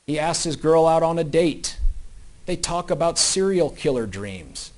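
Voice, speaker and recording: A prosecutor in a courtroom giving an opening statement, telling it as a story with loud emphatic bursts and low, quiet asides. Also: male voice, lively intonation, measured pace.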